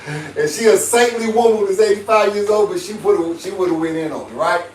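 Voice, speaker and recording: A man's voice: high-pitched, moderate pace. A man, hosting a livestream, giving casual advice and telling stories with chuckles and a preachy lilt. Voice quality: preachy, storytelling, chuckles often. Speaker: livestream host. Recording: roomy, distant from the mic, faint background hiss.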